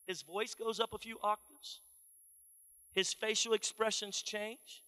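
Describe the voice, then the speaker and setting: High-voiced preacher, echoing hall. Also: male voice, measured pace. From Dallas, Texas. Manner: animated, storytelling, folksy. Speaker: pastor. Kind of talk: sermon.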